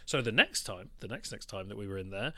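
A man co-hosting a podcast, telling a story in a casual, animated way, swearing and laughing as he goes. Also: on the low side, a little fast, no echo. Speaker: podcast co-host.

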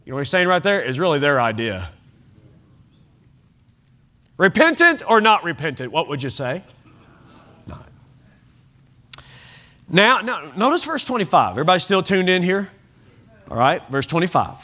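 A male pastor with a high, bright voice that swings up and down, reading scripture and adding lively comments. He addresses his congregation directly in a church. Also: moderate pace, pauses often.

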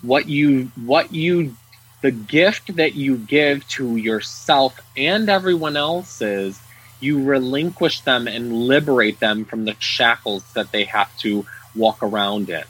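Male co-host with a slightly husky voice, earnest, halting delivery. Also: mid-range voice, fairly bright tone, rough recording. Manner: earnest, restarts often, talks to listeners. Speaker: podcast co-host. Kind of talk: casual podcast chat.

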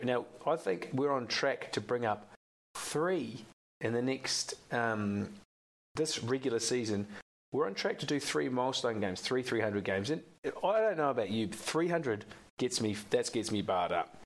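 A man's voice: mid-range voice, lively intonation, normal speed. An Australian man co-hosting a sports podcast, chatting casually and opinionated, rambling and swearing now and then. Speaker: podcast co-host.

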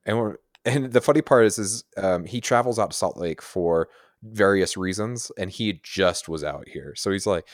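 A man with a very deep voice co-hosts a relaxed podcast. He sounds enthusiastic and quick to laugh, recorded dry with no room echo. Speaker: podcast co-host. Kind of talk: casual chat.

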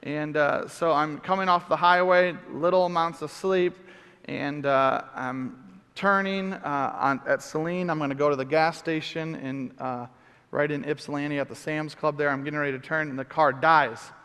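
Animated pastor in a reverberant hall. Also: male voice, on the high side, moderate pace, smooth. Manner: animated storyteller, acts out shouts. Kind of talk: sermon storytelling.

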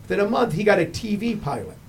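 A middle-aged man hosting a casual chat, telling anecdotes with lively acted-out quotes. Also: high-pitched, fast, vocal fry, a little hiss or hum. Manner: animated storyteller, acts out the people he quotes. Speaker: podcast host.

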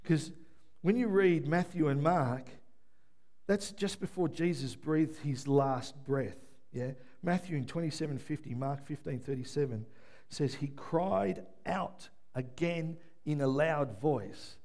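High-voiced preaching man, hushed to shouting. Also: measured pace. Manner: swings from hushed to shouting, asks "yeah?". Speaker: pastor. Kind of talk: sermon.

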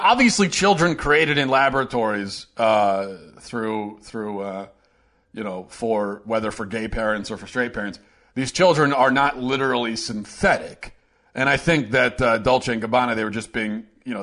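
A man hosts a political opinion show and talks alone to his listeners in a mid-range voice. His delivery is sarcastic and animated, and he shifts between mock pity and pointed emphasis. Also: mid-range voice. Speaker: podcast host.

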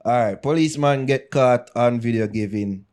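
A Jamaican man co-hosting a casual podcast, his voice at an average male pitch. He speaks in a patois-heavy, blunt and opinionated way, often running the topics. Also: normal speed, a little mellow, slight background noise. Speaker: podcast co-host.

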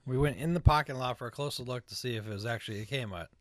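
A man's voice: medium pitch, quick pace, no room sound, studio quality. A man telling stories in a casual chat, wry and sarcastic, often chuckling.

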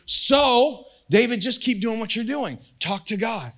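A man's voice: measured pace, hardly any pauses. A man preaching a casual, jokey sermon, telling a story and acting out quotes. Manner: animated, jokey, acts out quotes with rising pitch. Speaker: pastor.

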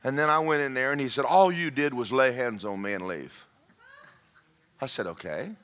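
Pastor, bright voice, tells jokes and shouts punchlines from the pulpit. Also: male voice, medium pitch, moderate pace, slight background noise. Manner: humorous storytelling, shouting punchlines. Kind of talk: sermon. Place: church sanctuary.

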